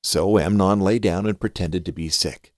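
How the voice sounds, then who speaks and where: A man hosting a podcast and reading scripture aloud in an expressive, scripted way. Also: low-pitched, moderate pace, no echo, clean studio sound. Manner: expressive reading with a lively rise and fall.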